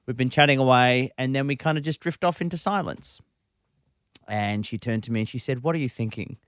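A man's voice: medium pitch, brisk, clear, resonant tone, dry recording, studio quality. A man hosting a radio show, telling rambling stories in casual chat. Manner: animated rambling storyteller. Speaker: radio host.

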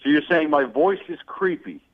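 A man's voice: fairly high pitch, expressive, moderate pace. A man on the receiving end of a prank call sounds indignant and exasperated, heard over a phone line. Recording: dull phone-line audio.

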